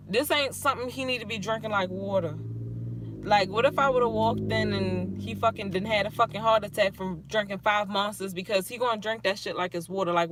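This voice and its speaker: Frustrated woman venting, bright edgy voice. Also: mid-range voice. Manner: frustrated, rambling, swears often. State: close to tears. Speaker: caregiver for her father. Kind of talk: livestream vent, reading chat.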